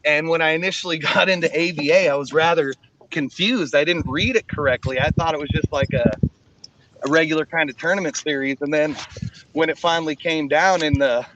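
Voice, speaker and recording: A man's voice: a little high, fairly quick. Rambling man recalling a tournament. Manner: rambling, with fillers like you know. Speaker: angler competitor. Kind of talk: casual chat. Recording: dull lo-fi sound with steady noise.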